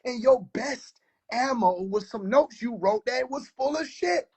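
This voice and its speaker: A man's voice: very high-pitched, lively intonation, a little slow, husky. A man hosting a live stream, boisterous and mocking in a casual rant, laughing often. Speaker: livestream host.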